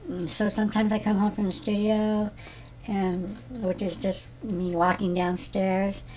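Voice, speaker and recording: Man doing a ditzy middle-aged woman, rambling, giggly, slow-talking, comedy sketch. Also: high-pitched, level tone, darkish tone. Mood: airy rambling. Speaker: comedy character host. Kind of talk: scripted character comedy monologue.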